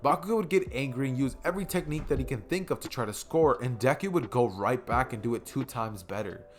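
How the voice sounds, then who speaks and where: A man's voice: mid-range voice, animated, quick pace. A young man casually narrating an improvised fan story, rambling with many fillers.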